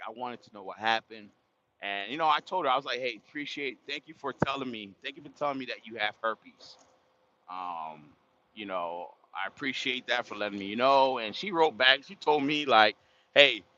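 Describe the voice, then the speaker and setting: A livestream host tells his chat a story in loose, slangy fashion, laughing and exclaiming a lot. His voice is medium in pitch with a sharp tone, and the recording sounds dull and lo-fi.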